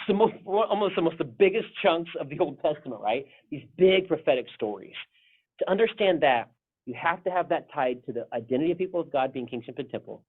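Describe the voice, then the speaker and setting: A man's voice: fairly high pitch, husky. A male pastor leading a casual Bible study discussion, rambling with frequent restarts. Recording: tinny phone-like sound.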